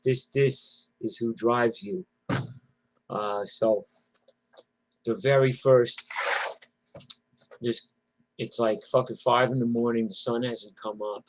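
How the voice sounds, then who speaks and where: A middle-aged man telling personal stories casually, profane and rambling. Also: fairly low pitch. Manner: profane, rambling, lots of fillers. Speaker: storyteller.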